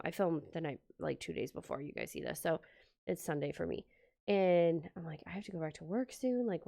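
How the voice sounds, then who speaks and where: A woman's voice: lowish voice, creaky, a little mellow, no room sound, clean studio sound. A woman chatting casually as she decorates a planner, telling a story and acting out the quotes. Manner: chatty, many "like" fillers, acts out quotes. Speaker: planner vlogger. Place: home, indoors.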